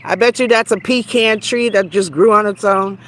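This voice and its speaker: A woman's voice: medium pitch, normal speed, slight background noise. A woman hosting her first live stream, walking through her backyard garden, greeting viewers by name in a chatty, self-deprecating way. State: out of breath while walking. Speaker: garden channel host.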